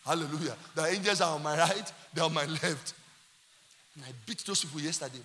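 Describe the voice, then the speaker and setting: A man with a Nigerian accent preaching a sermon as pastor, moving from quiet asides to shouted climaxes. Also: a little high, brisk, big-room sound, a little hiss or hum. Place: church.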